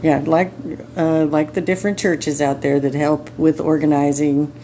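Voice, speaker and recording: A woman's voice: sits low, fairly even intonation, moderate pace, mellow, a little hiss or hum. A woman hosting a casual podcast chat, chatty, laughing often and agreeing a lot. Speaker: podcast host.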